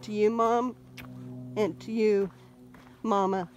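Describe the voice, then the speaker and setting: A woman's voice: a little high, slow, faint music behind. A middle-aged woman vlogging as she walks, talking in a heartfelt way and tearing up, a little sniffly. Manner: tearful, heartfelt. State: teary, sniffly. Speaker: vlogger on a walk. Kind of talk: casual vlog chat while walking.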